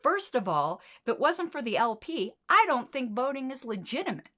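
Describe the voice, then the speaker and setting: A woman's voice: high voice, big pitch swings, normal speed, fairly bright tone. A middle-aged woman hosting a solo commentary show, talking in an indignant, sarcastic way and swearing freely. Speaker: podcast host.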